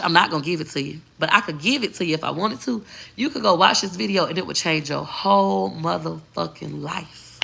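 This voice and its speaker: Gravelly, bright-voiced woman ranting bluntly. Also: on the low side. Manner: blunt and heavily profane, switching between slang and a proper voice; emphatic and preachy. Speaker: content creator. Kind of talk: casual vlog rant to viewers.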